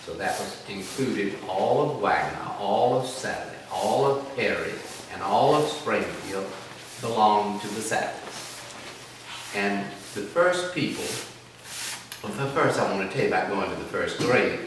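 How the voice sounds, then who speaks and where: Speaking a little slowly in a fairly low, expressive voice, an older man from South Carolina, US, recalls his childhood for an oral history interview. He rambles in a folksy, self-mocking manner, heard through a distant mic in an echoey, noisy room.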